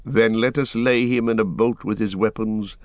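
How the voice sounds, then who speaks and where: A man's voice: fairly low pitch, fairly even intonation, normal speed, no echo, voice pushed up, lightly acted. A man reading a weary, grave ranger captain.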